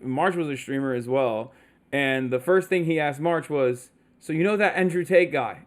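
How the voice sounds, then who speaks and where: A man in his thirties, a streamer telling a story casually, swearing often and acting out the other people's lines in quoted voices. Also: on the high side. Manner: animated, profane, quotes others in put-on voices.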